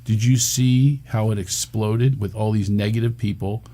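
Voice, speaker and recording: A man from the Philadelphia area, a comedian guest on a talk radio show, riffing with quick jokes and animated stories. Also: lowish voice. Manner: rapid jokey riffing, animated storytelling. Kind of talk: casual talk radio chat.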